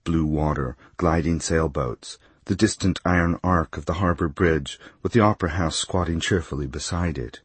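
Deep husky man with dry wit. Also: moderate pace, few pauses, no room sound. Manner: dry, wry comic delivery. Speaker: narrator. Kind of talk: audiobook narration of a humorous travel memoir.

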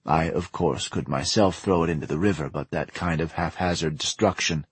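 A man doing a stern female Russian intelligence officer, menacing, very deep voice, husky. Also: normal speed, dry recording.

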